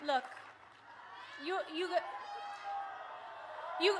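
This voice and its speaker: High-pitched woman fired up at a rally, loud crowd and noise all over her voice. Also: normal speed. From United States. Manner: impassioned, rousing, swings from hushed to shouting. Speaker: rally speaker. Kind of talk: political rally speech. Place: large rally venue with a cheering crowd.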